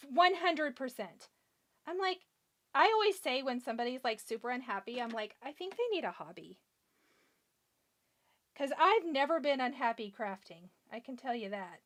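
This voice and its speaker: This crafting livestream host has a high, very animated voice with a fairly bright tone and a moderate pace. Chatty and self-deprecating, she talks to herself while working, walks through each step, teases herself over little mistakes, and replies to comments from viewers.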